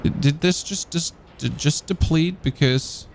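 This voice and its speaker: A man's voice: fairly high pitch, unhurried, gravelly, slight background noise. A man from Germany with a German accent, giving casual live commentary on a strategy game and chatting with his viewers as he thinks aloud. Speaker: gaming streamer.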